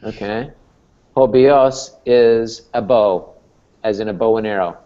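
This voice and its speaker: A man's voice: fairly low pitch, slow pace, mellow, dull audio. A man teaching a Greek class as professor, explaining patiently and checking in with "okay?" and "right?". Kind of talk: classroom lecture.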